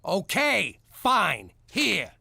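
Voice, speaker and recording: A brash, gravelly mobster dad. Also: male voice, high-pitched, huge pitch swings, drawn-out words, very noisy, exaggerated voice. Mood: doting. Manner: brash and shouty, then soft and pleading. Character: loud doting mobster dad who owns a strip club. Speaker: father.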